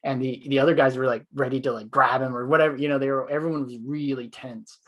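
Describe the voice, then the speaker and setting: A man's voice: mid-range voice, level tone, fast talker, a bit bright. A man co-hosting a podcast, telling a long story in casual conversation, rambling with fillers. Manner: former police officer. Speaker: podcast co-host.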